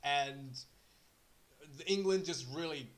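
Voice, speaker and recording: A man talking through a rugby match review in a casual, unscripted way, halting often with fillers and restarts. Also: a little high.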